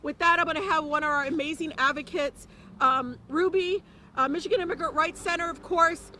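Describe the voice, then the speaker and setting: A woman's voice: high voice, brisk, pushed and bright, a little hiss or hum. A woman giving an impassioned press conference speech, emphatic and repeating phrases for stress. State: close to tears at times. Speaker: politician speaking at a press conference.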